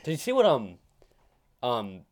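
A man telling a rambling story in a casual chat, giggly and loose, full of "like" and "um". His voice sits at a middle pitch, plain and relaxed. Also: a little slow, no echo. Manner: rambling, giggly, many fillers.

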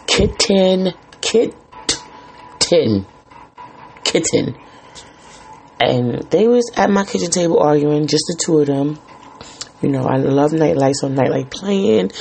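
A man with a gravelly, somewhat high voice rants casually as a podcast host. His talk rambles and is full of swearing, and he sounds exasperated as he tells his story. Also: dark tone, slight background noise.

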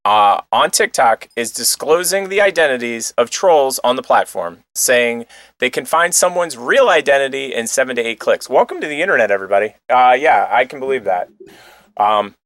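A man's voice: mid-range voice, lively intonation, moderate pace, a bit bright, dry recording. A man co-hosting a casual online show, reacting to clips with wry jokes. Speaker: podcast co-host. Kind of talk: casual chat.

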